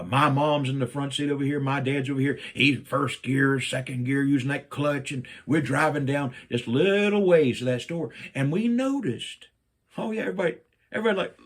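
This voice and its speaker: A man's voice: mid-range voice, husky. An older man from Virginia, telling a family story in a folksy, playful way and acting out each person in it. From Virginia, USA.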